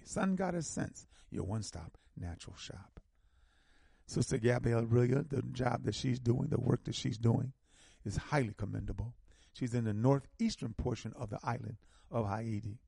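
A man hosting a community radio show, reading out local announcements and repeating phone numbers slowly with emphatic stresses. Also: lowish voice, creaky, warm tone, husky, no room sound, clean studio sound.

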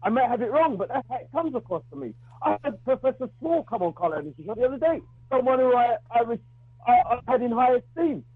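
A man phones in to a talk radio show, thin and tinny as a phone line makes him, with a dry sound close to the receiver. His voice sits high for a man and has a husky edge. He talks bluntly but haltingly, often repeating and restarting words as he makes his point. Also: sing-song, no room sound. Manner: outspoken, argues his view. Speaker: radio call-in caller. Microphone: telephone.

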